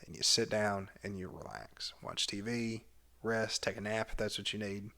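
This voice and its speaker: A man's voice: fairly low pitch, moderate pace, vocal fry. Candid man retelling coaching memories. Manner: candid, swears freely, animated retelling. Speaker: cheer coach. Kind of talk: casual memoir storytelling.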